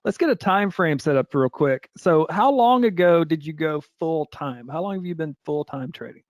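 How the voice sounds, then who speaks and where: A man's voice: a little high, lively intonation, normal speed, no echo, studio quality. A man hosting a casual interview podcast, easygoing and a bit hesitant, with lots of small agreeing sounds. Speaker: podcast host.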